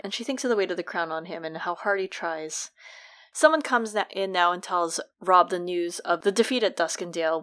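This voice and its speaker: A young woman with a fairly low, fairly bright voice co-hosts a casual book discussion podcast. She is chatty and laughs often, acting out lines from the story.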